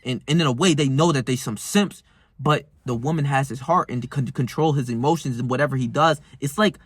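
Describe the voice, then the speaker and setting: A man's voice: mid-range voice, a little fast, breathy edge, no room sound. A young man telling stories in a casual, heated monologue, full of slang and cursing. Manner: profane, slangy, heated storytelling. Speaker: self-improvement vlogger.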